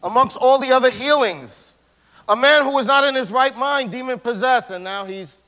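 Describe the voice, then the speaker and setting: A male pastor giving a sermon in a casual, slangy way, swinging between loud emphasis and hushed near-whispers. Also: extremely high pitch, moderate pace. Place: church sanctuary. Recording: long church hall reverb.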